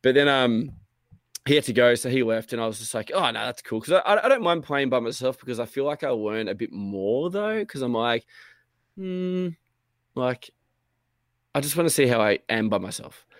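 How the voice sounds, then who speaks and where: A man's voice: medium pitch, animated, a little fast, no room sound. Rambling guy, dry close sound. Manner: rambling, filler-heavy, acts out his own quotes, swears freely. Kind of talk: casual storytelling chat.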